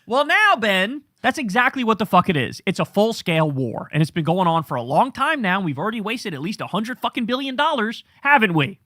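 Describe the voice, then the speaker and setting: A man's voice: sits high, sing-song, a little fast, hardly any pauses, pushed and bright, no echo, studio quality. A man hosting political commentary, ranting with anger, swearing and sarcasm. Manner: angry, profane, sarcastic ranting.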